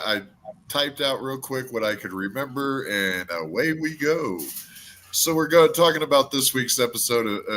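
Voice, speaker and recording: Co-hosting a wrestling podcast, a man chats casually and rambles, stammering and swearing as he goes. His voice is lowish with a sharp tone, and there's slight background noise.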